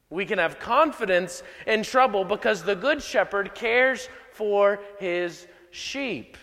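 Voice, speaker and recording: A man preaching a sermon in a church, his voice pitched high for a man and his delivery unhurried. He leans on key phrases and repeats them slowly for emphasis. A long reverb trails each line, as though the sound carries through a large sanctuary. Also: bright, forceful tone. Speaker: pastor.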